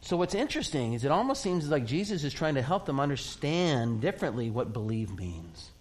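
A man's voice: mid-range voice, very animated, fairly quick. A man preaching a sermon as a pastor, in a conversational way, acting out quoted voices and often laughing.

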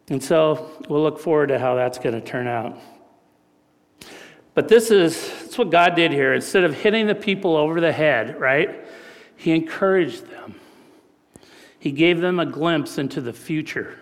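Middle-aged pastor preaching in a reverberant hall. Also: male voice, a little high, expressive, a little slow. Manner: folksy, storytelling, checks in with "right?". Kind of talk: conversational sermon. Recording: long reverb of a large hall.

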